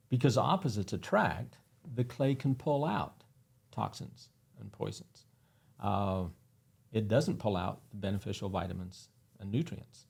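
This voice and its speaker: A man's voice: on the low side, vocal fry, darkish tone, breathy edge. A man guesting on an interview, telling earnest anecdotes with many fillers. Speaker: guest, company founder. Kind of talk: casual interview storytelling.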